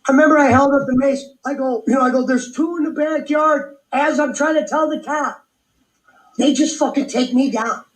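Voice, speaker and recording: A man telling a profane story in casual chat, animated and acting out what people said. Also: very high voice, normal speed, low-quality recording. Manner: animated, profane, acts out quotes.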